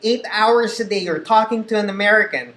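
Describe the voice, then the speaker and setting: A man's voice: sits high, fairly quick, bright, forceful tone. A man with a Filipino accent, a call center trainer who gives patient instruction and repeats his key points. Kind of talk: instructional talk. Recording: echoey room.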